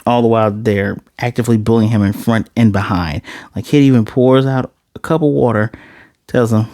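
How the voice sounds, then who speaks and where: A man reviewing an anime episode, recapping the plot in a casual, animated way. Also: mid-range voice, fairly quick, no room sound, studio quality. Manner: animated, chatty storytelling.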